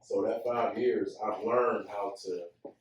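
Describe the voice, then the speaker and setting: A man's voice: on the low side, fairly even intonation, slow pace, a little hiss or hum. A man in a casual group conversation, often chiming in with short affirmations. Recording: echoey room, mic far off.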